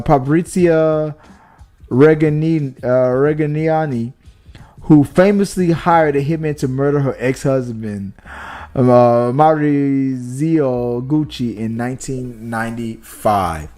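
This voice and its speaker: A man co-hosting a movie podcast, talking casually in an animated, rambling way with lots of restarts and fillers. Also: mid-range voice. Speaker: podcast co-host.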